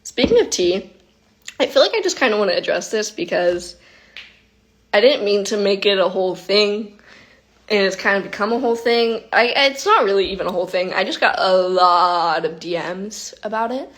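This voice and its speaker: Animated woman chatting on a livestream. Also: medium pitch, moderate pace. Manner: animated storytelling, heavy use of "like" and "literally". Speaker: vlogger hosting an Instagram live. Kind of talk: casual livestream chat.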